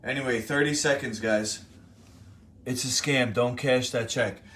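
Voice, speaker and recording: A man's voice: mid-range voice, fairly even intonation, unhurried, fairly bright tone, a little hiss or hum. A young man hosting a live stream, telling a story to his chat in a rambling, profane, self-correcting way. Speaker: streamer host. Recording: roomy, from a distant mic.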